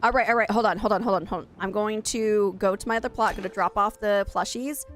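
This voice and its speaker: A woman's voice: mid-range voice, fairly even intonation, fast, a bit bright, faint music behind. A young adult woman streaming a game, chatting casually and rambling straight to her viewers. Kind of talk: casual live-stream chat.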